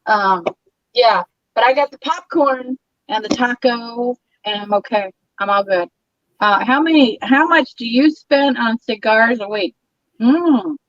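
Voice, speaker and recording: A woman's voice: fairly high pitch, a little slow, a bit bright, dry recording, muffled recording. A woman playing a boastful, boozy male show-off with a cigar and wine in a live comedy parody, crude and rambling. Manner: brash, rambling, crude, loses her train of thought.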